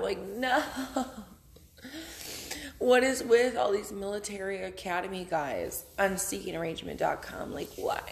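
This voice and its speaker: A woman's voice: mid-range voice, gravelly. A young woman, hosting a casual podcast while hungover, in a rambling, profane, blunt way from her house. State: hungover, low energy. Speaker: podcast host.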